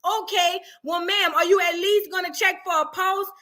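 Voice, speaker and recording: A polite emergency dispatcher with a high, bright voice who keeps calmly pressing for answers. The tone stays courteous and patient, as a woman acts it out in a skit. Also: normal speed. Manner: polite, repetitive questioning.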